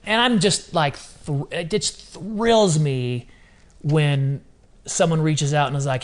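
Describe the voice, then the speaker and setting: A man talking as a podcast guest in a casual interview, animated and repeating phrases for emphasis. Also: a little high, slow pace.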